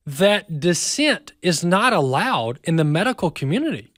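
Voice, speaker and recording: A man's voice: on the high side, big pitch swings, normal speed, a bit bright, dry recording, studio quality. A man with an American accent hosting a talk radio show, speaking emphatically and repeating words as he builds his point.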